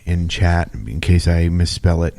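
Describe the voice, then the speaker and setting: Brief: man co-hosting paranormal radio, jokey and blunt, very low voice, dry sound. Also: a little slow, dark tone, dry recording. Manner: joking, self-deprecating, blunt. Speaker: co-host of a paranormal radio show. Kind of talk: casual banter.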